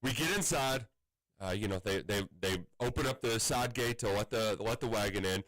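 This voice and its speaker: A man's voice: fairly low pitch, moderate pace, fairly bright tone, no room sound, rough recording. A man in his thirties on sports radio, telling an exasperated story with many restarts and quoted voices. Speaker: radio show co-host.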